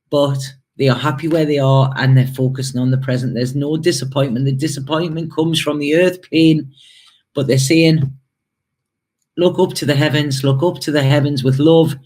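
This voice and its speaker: A man with a medium-pitched, slightly mellow voice gives an intuitive tarot and spirit reading to the camera. He speaks hesitantly, repeating words, using many fillers and pausing for emotional asides.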